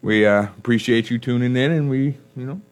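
A man's voice: medium pitch, a little fast. A man co-hosting a faith-based sports radio show, bantering casually and echoing his partner in a studio.

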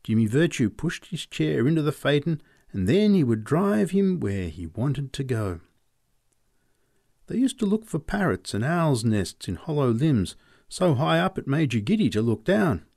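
A man reading short stories aloud in a measured storytelling manner. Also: gravelly, no room sound, studio quality. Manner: measured storytelling, lively pitch. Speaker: reader. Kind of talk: audiobook narration.

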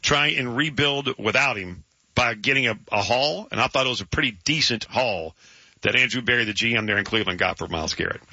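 A man hosting sports talk radio, animated and jokey, slipping into playful quoted voices. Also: medium pitch, a little fast, husky, no room sound. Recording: dull dry lo-fi studio sound.

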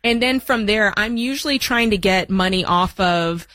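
A woman on a call-in advice show walks through practical tips one step at a time in an easy, conversational tone. Her voice is mid-pitched and sounds dry and close to the mic. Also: normal speed, a bit bright, no echo. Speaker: co-host of a call-in money show. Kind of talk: casual radio advice chat.

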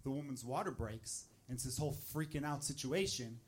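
A man's voice: medium pitch, brisk. A man doing a stand-up set with crude, exasperated storytelling. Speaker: stand-up comedian.

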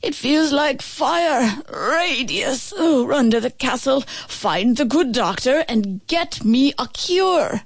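A woman voicing a knight father doubled over with belly pain, wailing slow, drawn-out pleas in a storybook reading. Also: high-pitched, expressive, no echo, pitched above the performer's own voice, exaggerated voice.

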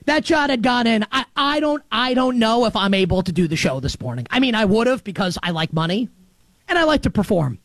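A male sports host with a high, bright-edged voice, talking in an animated, emphatic rush. His delivery jumps from near-shouted peaks to quiet asides. The sound is close and dry, with no room around it. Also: brisk, dry recording. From New York. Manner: animated, emphatic, shifts between shouting highs and muttered lows. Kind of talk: excited sports commentary monologue.

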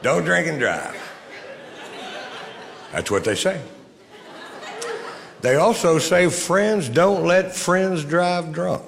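A man doing a stand-up routine with a dry, deadpan delivery. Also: a little high, slow pace, vocal fry, pauses often, long reverb tail, a faint crowd. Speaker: stand-up comedian.

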